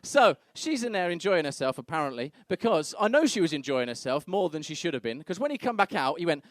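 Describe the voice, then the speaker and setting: A man's voice: a little high, sing-song, fast, hardly any pauses, no echo, studio quality. Brash man doing stand-up. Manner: brash, crude storytelling, acts out other people's voices. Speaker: stand-up comedian. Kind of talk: stand-up comedy set. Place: comedy club stage.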